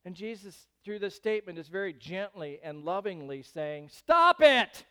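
A male pastor preaching a sermon in an animated way, rising into loud, emphatic bursts. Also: high voice, moderate pace.

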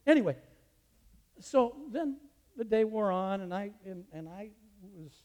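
Man, teacher, storytelling testimony, fairly high voice, animated, long hall reverb. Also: a little slow. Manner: animated, voice rising sharply in retold scenes.

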